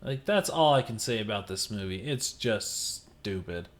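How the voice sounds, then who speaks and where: A man giving a casual movie review, blunt and exasperated, halting as he gathers his thoughts. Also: on the low side, expressive. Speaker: film reviewer.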